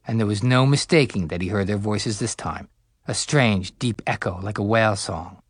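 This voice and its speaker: A man narrating a fantasy story aloud, expressive and pitching up for the characters' dialogue. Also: normal speed, slightly rough, dry recording, studio quality. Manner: expressive, rising higher for the hero's dialogue. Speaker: audiobook narrator. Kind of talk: scripted narration.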